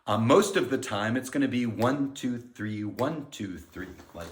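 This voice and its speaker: A middle-aged man, a music director, giving a pre-concert talk and explaining the music in an unhurried, friendly lecturing way. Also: mid-range voice. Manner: explanatory, counts beats aloud and sings themes. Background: piano.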